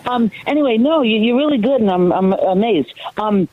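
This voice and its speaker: A woman's voice: on the high side, animated, normal speed. A woman calling in to a radio show, talking effusively and urgently. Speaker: caller. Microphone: telephone. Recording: tinny phone line.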